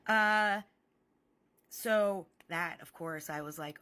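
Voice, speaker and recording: Casting: young woman, bright tone, sarcastic storyteller, phone vlog. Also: on the low side, unhurried. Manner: animated, sarcastic, swearing freely. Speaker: parent telling a story.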